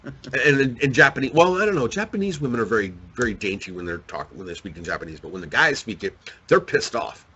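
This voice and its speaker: Man, casual talk-show co-host, joking, lively pitch, bright tone. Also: fast talker, husky, dull audio. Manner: joking, laughs often, animated. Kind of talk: casual chat.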